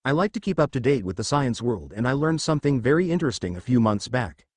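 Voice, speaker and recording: A man's voice: mid-range voice, very animated, fast, darkish tone, no room sound, studio quality. Rias: a man voicing a coaxing young noblewoman. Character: confident young noblewoman, teasing and caring.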